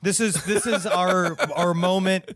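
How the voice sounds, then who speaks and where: High-voiced man rambling crude jokes. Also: fairly even intonation, measured pace, a bit bright, dry recording, studio quality. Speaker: podcast co-host. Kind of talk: casual comedic chat.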